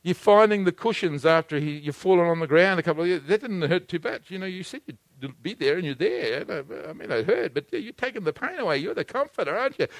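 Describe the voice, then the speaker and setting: A man preaching a sermon, swinging between loud exhortation and hushed, intimate asides. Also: high-pitched, lively intonation, a little fast, few pauses, dry recording.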